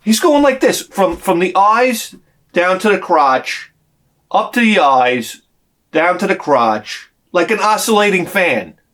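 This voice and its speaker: Man vlogger, exasperated storytelling rant, very lively pitch, cursing freely. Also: slow. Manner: animated, profane, exasperated.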